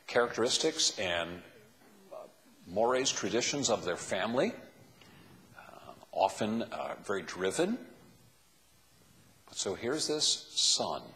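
Slow, lively-voiced pastor preaching. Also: male voice, fairly low pitch. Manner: asks the listeners many questions. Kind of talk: sermon. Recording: long hall reverb.

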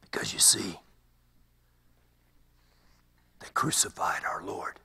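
Man playing gravelly old Simon the Zealot. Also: sits low, normal speed, exaggerated voice. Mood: sorrowful. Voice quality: gravelly, often dropping to a whisper. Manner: storytelling that swings from hushed whispers to loud outbursts. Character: Simon the Zealot, older man, ex-rebel turned peaceful wood carver. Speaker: pastor. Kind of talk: dramatic character monologue.

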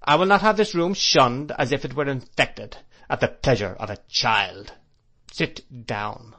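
A man's voice: medium pitch, measured pace, pushed and bright, voice pushed up. A man playing a cold, commanding stepfather. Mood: stern. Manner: grave, stern, commanding.

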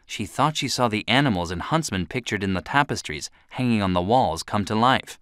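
A man narrating a children's story in a steady, clear storytelling manner, recorded close to the mic. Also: lowish voice, a little fast, dry recording.

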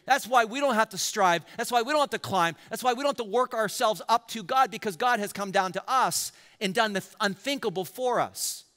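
A man preaching with energy, voice high and bright, repeating his points and quoting scripture. The sound carries the long reverb of a church hall. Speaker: pastor. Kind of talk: sermon. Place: church auditorium.

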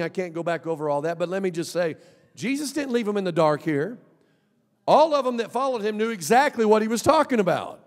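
A man preaching a sermon as pastor, swinging from loud shouts to low mumbled asides. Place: church sanctuary. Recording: long church hall reverb.

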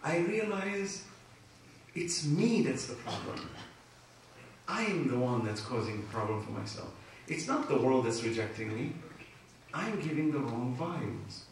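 In an echoey community hall, an Islamic speaker gives an emotional religious talk, sharing personal stories with laughter in an animated way. His voice is mid-range and unhurried, and he's far from the mic with faint noise around.

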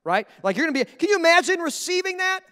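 A male pastor preaching a sermon in a lively, conversational way, often checking in with "right?". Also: extremely high pitch, fast. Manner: energetic, conversational preaching with frequent "right?" asides. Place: church. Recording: echoey church hall.

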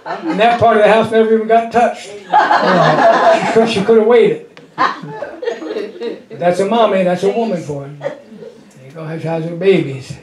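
A man's voice: sits high, unhurried, pauses often, crowd noise. A middle-aged man preaching a sermon as pastor, telling a folksy story with frequent chuckles and drawing amens from the congregation. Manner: call-and-response with the congregation. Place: church. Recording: echoey church sanctuary.

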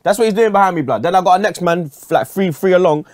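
A man's voice: high voice, fast, no echo, studio quality. A man ranting furiously as a fan pundit, swearing and ending lines with street slang. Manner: angry, swearing, street slang at every line end. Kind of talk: heated fan rant.

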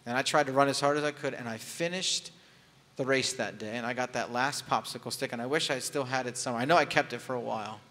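Speaking fast at a medium pitch with a slightly bright tone, this pastor preaches a sermon in a church sanctuary. The recording carries long hall reverb, and he shares a personal story in a frank, conversational way sprinkled with humor.

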